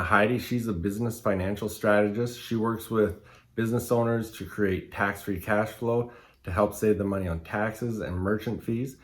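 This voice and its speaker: A lower-voiced man hosting a business podcast with an upbeat, friendly manner. He thanks the guest warmly and then reads out contact details at a steady, conversational clip. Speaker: podcast host, business coach. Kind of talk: casual interview and scripted outro.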